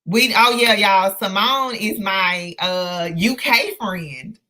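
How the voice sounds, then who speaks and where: A woman hosting a live book discussion, earnest and emotional, talking in halting bursts full of fillers and restarts. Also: medium pitch, bright, forceful tone. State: emotional, close to tears. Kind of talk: casual live-stream discussion.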